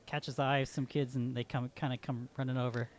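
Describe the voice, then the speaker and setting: A man's voice: medium pitch, little pitch movement, fast, no room sound. A man narrating his character's actions as a player in a tabletop game, in a casual, filler-heavy way.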